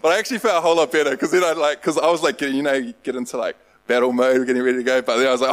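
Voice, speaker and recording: A man's voice: medium pitch, steady tone, very fast, hardly any pauses, poor audio. A man preaching a casual sermon, rambling and self-deprecating, with lots of fillers. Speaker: pastor.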